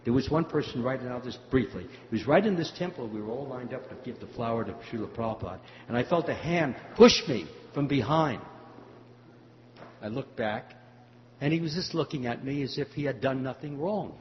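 An older man giving a devotional talk, telling a story in a halting way with many fillers. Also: mid-range voice, lively intonation. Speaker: spiritual teacher. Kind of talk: devotional talk answering questions. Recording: muffled hall recording with faint hum.

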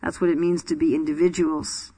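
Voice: mid-range voice, little pitch movement, a little fast, mellow, slightly rough. Chatty teacher telling scripture stories. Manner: chatty, laughing, quizzes the audience. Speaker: spiritual teacher. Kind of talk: scripture class storytelling.

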